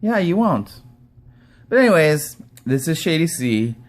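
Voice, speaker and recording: A man's voice: fairly high pitch, very animated, unhurried. A man ranting to camera as a commentator, angry, sarcastic and profane. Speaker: YouTube commentator. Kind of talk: profane rant vlog.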